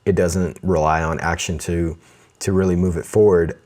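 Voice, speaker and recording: A man's voice: low-pitched, little pitch movement, normal speed, darkish tone. A man co-hosting a casual podcast, grading a movie and leading the chat, often restarting his phrases. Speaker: podcast co-host.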